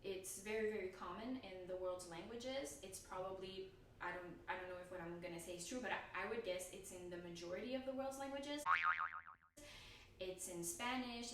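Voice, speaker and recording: A chatty woman whose first language is French talks through her learning in a loose, self-deprecating way, with a voice of middling pitch. She sits some way from the mic in a strongly echoing room. A faint background hiss runs underneath. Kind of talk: casual explanatory vlog talk. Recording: very echoey room, distant mic, faint noise.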